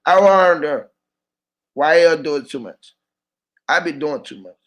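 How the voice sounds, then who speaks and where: Seated indoors, this man freestyle raps in a loose rhyming stream before drifting into rambling conversation full of curses. His voice is fairly high, expressive, and unhurried.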